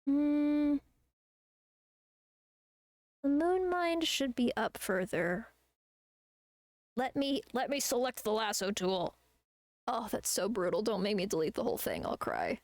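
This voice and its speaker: Gravelly young woman chatting while she draws. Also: fairly high pitch, big pitch swings, normal speed, no room sound. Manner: rambling, laughs often, swears casually. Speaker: streamer and artist. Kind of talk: casual chat while drawing on stream.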